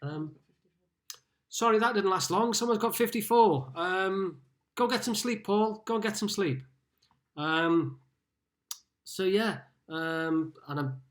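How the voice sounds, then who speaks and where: Chatty man from Liverpool hosting a quiz. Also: sits high. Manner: chatty, greets players by name while reading scores. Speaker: quiz host. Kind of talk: casual live-streamed pub quiz hosting.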